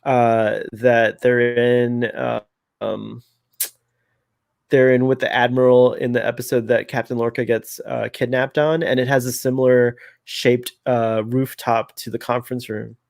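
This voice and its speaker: A man's voice: medium pitch, little pitch movement, a little slow, creaky, darkish tone, dry recording, clean studio sound. A man co-hosting a casual fan commentary, chatty, laughing often and rambling off into asides. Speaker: podcast co-host.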